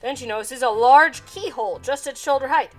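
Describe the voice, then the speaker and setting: Casual woman game master, higher voice, reads the story and chuckles. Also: fairly quick, soft background music. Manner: casual, laughs between lines. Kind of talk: reading a gamebook aloud.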